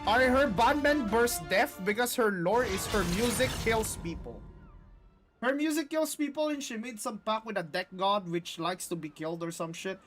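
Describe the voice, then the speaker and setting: A streamer reacting loosely and excitably during a live card game stream, swearing freely. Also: medium pitch, normal speed, music in the background. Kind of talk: casual live-stream commentary.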